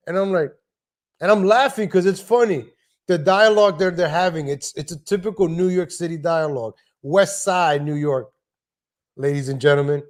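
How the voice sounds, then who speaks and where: Man, livestream host, casual rant, rambling, slightly high voice, home desk mic. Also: moderate pace. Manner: rambling, frequent restarts and asides. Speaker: live stream host. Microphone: home desk microphone.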